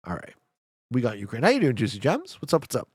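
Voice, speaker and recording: This Canadian streamer has a husky, mid-range voice and talks fast as he plays a game live. He jokes profanely and excitably with his chat and gets worked up about his guesses, in studio-quality audio with no room sound.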